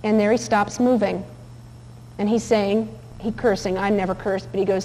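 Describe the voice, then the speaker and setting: A woman's voice: mid-range voice, fairly even intonation, normal speed, warm tone, big-room sound, slight background noise, poor audio. A woman teaching about dog behavior in a chatty, anecdotal lecture, with many fillers and restarts. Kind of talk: recorded lecture with video clips.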